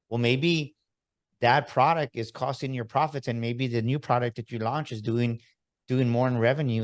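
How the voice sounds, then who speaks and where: A man hosting a motivational podcast, talking straight to his listeners with energy and a preaching tone. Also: mid-range voice. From Texas. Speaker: podcast host.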